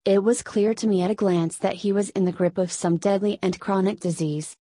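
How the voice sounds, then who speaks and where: A woman narrates a story in a steady, even audiobook reading. The recording is dry and close. Her pitch sits in a middle range. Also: a little fast, no echo.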